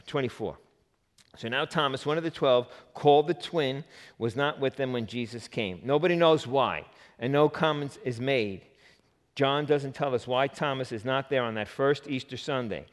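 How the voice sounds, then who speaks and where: A man preaching a sermon who jokes with his listeners and acts out the voices of the people in his story. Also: mid-range voice. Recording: long reverb of a hall.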